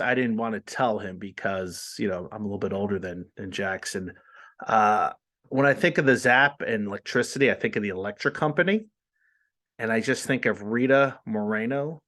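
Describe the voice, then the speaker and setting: A man's voice: medium pitch, fairly bright tone. Rambling middle-aged podcast host man. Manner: rambling, self-deprecating, laughs at himself. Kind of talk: casual podcast chat.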